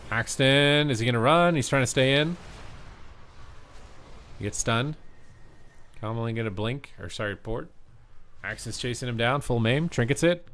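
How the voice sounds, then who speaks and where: Male streamer-commentator, worn out, fast game calls, casual chat. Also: mid-range voice. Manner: quick play-by-play, rising excitement on big plays. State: tired, yawning.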